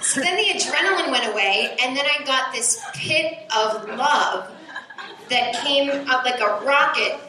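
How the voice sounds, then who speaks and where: A woman in her forties doing a stand-up set on a club stage, talking in an animated way, swearing and rising to high shouts. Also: a little slow, a crowd in the background. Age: 40s. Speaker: stand-up comedian. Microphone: handheld stage mic into sound board. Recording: echoey club recorded off the sound board, noisy.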